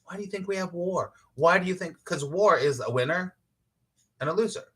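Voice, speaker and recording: A man hosting a casual spiritual talk, reading comments from his audience, emphatic and quick to laugh, sometimes swearing. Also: high voice, husky. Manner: animated and emphatic, laughs easily, acts out inner voices. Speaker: spiritual teacher hosting a live morning show.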